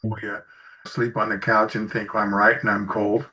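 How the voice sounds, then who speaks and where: A man's voice: on the low side, little pitch movement, normal speed, bright, forceful tone. A man being interviewed as an executive coach, telling anecdotes in an easy conversational way and acting out bits of dialogue. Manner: tells anecdotes, acts out dialogue in stories. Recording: slightly muffled audio.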